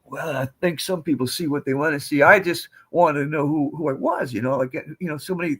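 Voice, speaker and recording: Husky older man, rambling storyteller. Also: a little high, brisk, fairly bright tone. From United States. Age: 70s. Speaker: podcast guest. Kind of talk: casual storytelling.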